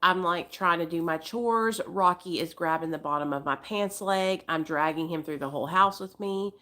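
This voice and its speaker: A woman's voice: lowish voice, a bit bright. A woman in her forties hosting a casual live stream, who speaks bluntly and swears freely, and keeps breaking off to coax her dogs in a sing-song voice. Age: 40s. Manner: blunt and profane, talking straight to viewers. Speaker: livestream host.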